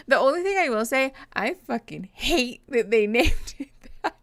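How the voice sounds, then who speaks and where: A young adult woman, a therapist doing reaction streams, speaks in a slightly high, sing-song voice at a measured pace, recorded dry. She casually reads comments and greets viewers, laughing often while tired and yawning.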